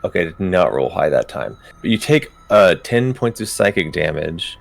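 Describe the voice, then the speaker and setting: Gravelly deep-voiced male game master. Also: very animated, normal speed. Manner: casual, hesitant with many ums, laughs easily. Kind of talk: narrating a tabletop game.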